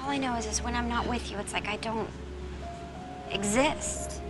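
A woman's voice: fairly high pitch, natural voice. Actress playing a bossy young ghost woman. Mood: earnest. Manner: scolding, brisk, insistent. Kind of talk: film dialogue. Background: film score music.

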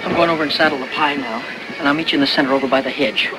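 An actor playing a protective male horse trainer in a film, talking in a brisk, commanding way. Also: fairly high pitch, loud music behind the voice, close to an everyday voice, low-quality recording. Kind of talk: film dialogue.

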